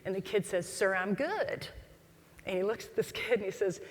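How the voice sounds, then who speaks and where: A woman gives a keynote talk, spinning anecdotes and slipping into the voices of the people in them. Her pitch sits in a middle range. Long reverb from a large hall trails after each phrase. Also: moderate pace. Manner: animated storyteller, acts out quoted voices. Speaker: keynote speaker. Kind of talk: storytelling talk to a live audience.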